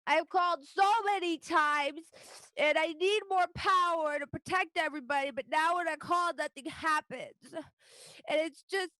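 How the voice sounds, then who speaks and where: A woman's voice: very high voice, moderate pace, sharp tone, no echo, pitched above the performer's own voice, rough recording. A woman voicing a small, sulky goblin girl who rambles in a childish way. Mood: tearful.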